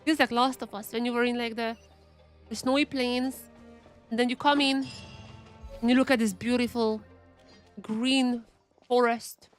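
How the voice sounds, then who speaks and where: A woman's voice: on the high side, fairly even intonation, a little slow, long pauses, faint music behind. A young woman streaming a game, chatting casually and thinking aloud as she reads the game's text. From Eastern Europe. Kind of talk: casual gameplay commentary.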